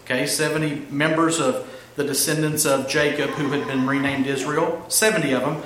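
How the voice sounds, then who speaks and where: A man preaching a sermon as pastor, reading scripture aloud and explaining it in an animated, conversational way with asides to the congregation. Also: on the high side, moderate pace, crowd noise. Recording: echoey hall with faint noise.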